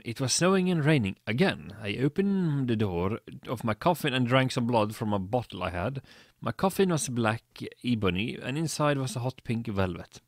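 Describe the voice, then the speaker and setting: A man doing a comedic reading of fan fiction, deadpan and dry with sarcastic asides. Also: mid-range voice, no echo. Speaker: reader.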